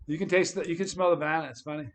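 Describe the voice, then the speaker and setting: A man hosting a livestream, telling a story in a lively, casual way. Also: a little high, racing. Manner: animated, tells stories with quoted voices. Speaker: livestream host.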